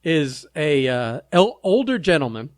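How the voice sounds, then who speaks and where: A man with a fairly high, very animated voice, co-hosting a laid-back podcast. He rants bluntly and swears freely, and the sound is close and dry. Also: a little slow, dry recording. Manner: blunt, profane ranting with frequent laughter. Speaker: podcast co-host. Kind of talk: casual podcast chat.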